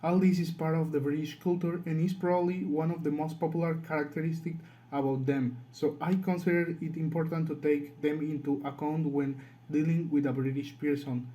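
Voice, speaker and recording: A man's voice: fairly high pitch, level tone, brisk, dark tone, poor audio. A man with a Latin American Spanish accent reading a class presentation from a script. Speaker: student presenter.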